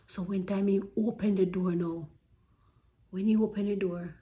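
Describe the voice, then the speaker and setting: A woman's voice: mid-range voice, fairly even intonation, moderate pace, warm tone. A woman with a Jamaican accent earnestly recounting a personal story, with emotion and Patois-flavoured speech.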